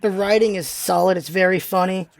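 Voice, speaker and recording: A man's voice: high voice, fairly even intonation, a little fast, gravelly, faint music behind. A man hosting a casual vlog, rambling loosely with many fillers and restarts. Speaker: vlog host. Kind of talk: casual chat.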